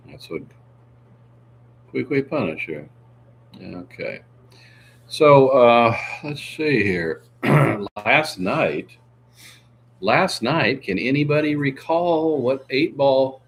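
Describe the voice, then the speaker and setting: A man's voice: medium pitch, a little hiss or hum. Sniffly, rambling male livestream host. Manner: jokey, meandering, full of "uh" and asides. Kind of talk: casual rambling chat with viewers.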